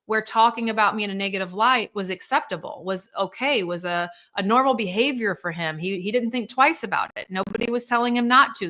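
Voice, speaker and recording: Bright-voiced candid woman host. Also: mid-range voice. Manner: candid and blunt, acts out quoted voices. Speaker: divorce coach hosting a live show. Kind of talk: live talk to viewers.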